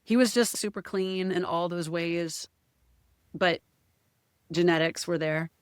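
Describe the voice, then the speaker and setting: A woman's voice: on the low side, measured pace, clean tone, dry recording, studio quality. A woman guest in a casual podcast chat, speaking candidly and emotionally, often quoting what others said. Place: podcast studio.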